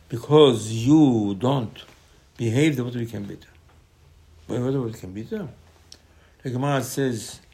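A man in gives a Torah sermon, telling stories with sudden loud bursts and hushed asides. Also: medium pitch. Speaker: rabbi teaching Torah.

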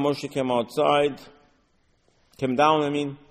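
A man giving a Torah lesson, explaining verses line by line in halting non-native English mixed with Hebrew. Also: mid-range voice, darkish tone, in a large hall. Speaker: Torah teacher.

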